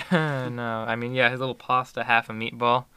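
A man's voice: mid-range voice, steady tone, a little slow, bright, forceful tone, clear, resonant tone, dry recording. A teenage boy chatting casually in an interview, rambling with many fillers and restarts. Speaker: student athlete guest.

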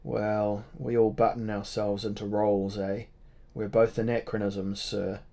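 A man's voice: on the low side, flat delivery, unhurried, creaky, mellow. A man doing a sly, sneering villain. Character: mad, sly, corrupt older man, villain.

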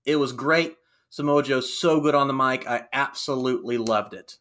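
A young man co-hosting a casual wrestling recap podcast, animated and quick to laugh. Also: a little high. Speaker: podcast co-host.

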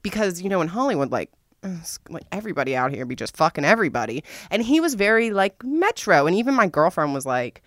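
A woman's voice: on the low side, very animated, a little fast, no echo, studio quality. A young adult woman telling a frank, profane story to her listeners, laughing often as she talks. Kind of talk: candid storytime monologue.

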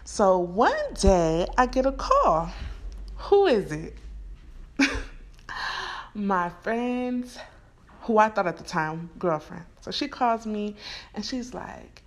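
A woman's voice: medium pitch, very animated, slow pace, pauses often. A woman in her twenties from California telling a personal story straight to camera, frank and slangy, laughing often. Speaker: storyteller vlogger. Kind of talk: candid storytime monologue.

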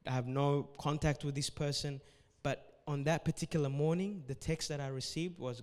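A man's voice: mid-range voice, steady tone, moderate pace, a little mellow, in a large hall. A man preaching as pastor at a church service, giving earnest, repetitive exhortations and closing with a prayer.

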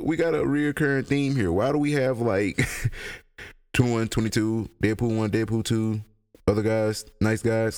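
A young man, high and rambling through a casual, profane solo podcast rant. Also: fairly even intonation, normal speed, darkish tone. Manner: rambling, profane, laughs a lot. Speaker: podcast host.

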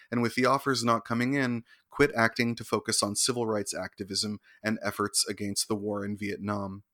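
Bright, crisp-voiced male co-host. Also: on the low side, no room sound, clean studio sound. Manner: crisp, informative read with wry asides. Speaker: co-host reading celebrity birthdays. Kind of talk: scripted entertainment segment with banter.

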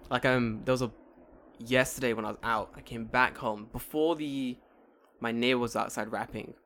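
A man chatting casually on a podcast, swearing freely and telling animated stories in which he acts out what people said. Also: medium pitch, normal speed, a little hiss or hum. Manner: swearing, animated storytelling with put-on quotes. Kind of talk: casual chat.

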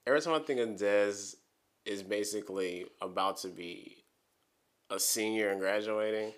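A man's voice: lowish voice, normal speed. A man around forty co-hosting a podcast, chatting casually, teasing his co-host and talking in slang. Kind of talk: casual chat.

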